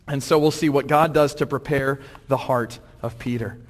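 A man preaching a sermon in a lively, humorous way, acting out the scripture as he goes. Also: medium pitch, normal speed, long reverb tail. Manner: humorous, acts out quotes, animated.

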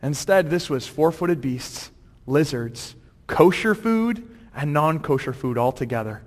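Humorous, high-voiced preacher in a hall. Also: male voice, measured pace. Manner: humorous, acts out quotes, animated. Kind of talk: sermon.

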